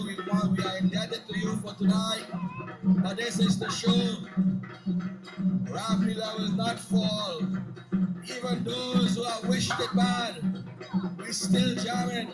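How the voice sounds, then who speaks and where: A man's voice: sits high, unhurried, roomy sound. A man giving chatty live commentary on a stage show, talking to the crowd. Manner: lively, chatty, addresses the crowd. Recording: loud music over the voice. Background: loud live music.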